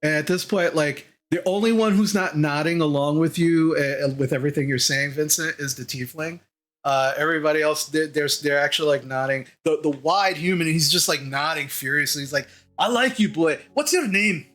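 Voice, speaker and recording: A man narrating a tabletop game as game master, halting, with many fillers and restarts. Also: a little high, steady tone, fairly bright tone.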